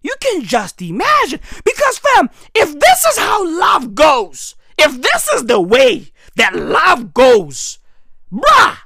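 Comic ranter, woman, incredulous, dry close sound, swooping lively delivery. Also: high voice, slow pace, no room sound. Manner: incredulous, exaggerated, swings into shouting. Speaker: comedic commentator. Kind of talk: comedic rant to camera.

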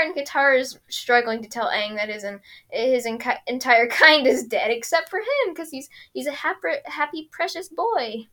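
A woman's voice: on the high side, animated, normal speed, hardly any pauses, pushed and bright. A young woman casually recapping a cartoon episode, giggling often and briefly mimicking the characters.

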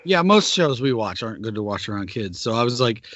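A man in his thirties co-hosting a casual chat, relaxed and hesitant, trailing off with fillers, in a dull, muffled recording. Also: on the low side, brisk, no room sound.

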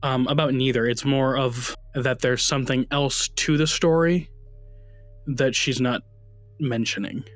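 Relaxed man narrating a tabletop game. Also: medium pitch, a little slow, dry recording. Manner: relaxed, with frequent ums and uhs. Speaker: game master.

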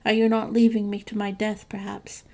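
A woman voicing a sad, reproachful young prince who speaks in a hushed voice in a fairytale reading. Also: medium pitch, completely flat delivery, a little fast, lightly acted.

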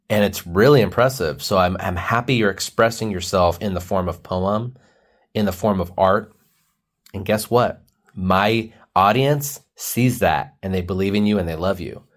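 A young man hosting a comedy podcast, rambling and joking with lots of fillers. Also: lowish voice. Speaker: podcast host. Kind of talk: casual comedy podcast chat.

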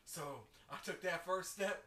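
A man's voice: high-pitched, measured pace, echoey room. A man telling a story in a casual group chat, laughing often and swearing freely. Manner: laughing, profane, animated storytelling.

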